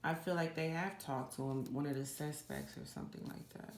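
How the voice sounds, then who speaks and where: A woman's voice: sits low, brisk, hardly any pauses. A woman giving a psychic card reading, chatting casually and directly to her viewers. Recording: echoey room with steady background noise.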